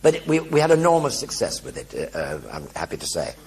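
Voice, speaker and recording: An older man telling anecdotes in a one-man stage show before an audience, animated and acting out the voices of everyone in his stories. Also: on the low side, fast. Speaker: stage performer.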